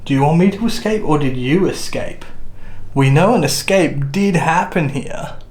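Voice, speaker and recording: A man's voice: on the high side, animated, normal speed, darkish tone. A man hosting a ghost hunt, politely and earnestly addressing spirits in an old jail cell, with chatty asides. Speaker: paranormal investigator host.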